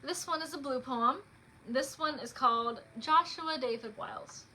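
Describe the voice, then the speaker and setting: A young woman chatting casually and reading her own poems aloud on a livestream, with lots of "like" fillers between softer, quieter poem readings. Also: sits high, normal speed, a little hiss or hum. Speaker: author reading her poetry.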